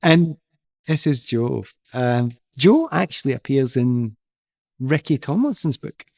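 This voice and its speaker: A man's voice: medium pitch, unhurried, gravelly, no room sound, clean studio sound. A middle-aged man, a former footballer, telling anecdotes in an interview and laughing often as he goes. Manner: laughs often, animated storyteller.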